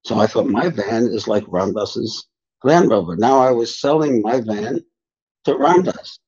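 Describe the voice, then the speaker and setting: Older male spiritual teacher, mellow husky voice, dull lo-fi sound, unhurried storyteller. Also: medium pitch, animated. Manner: unhurried, reflective anecdotes. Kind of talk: storytelling in a podcast interview.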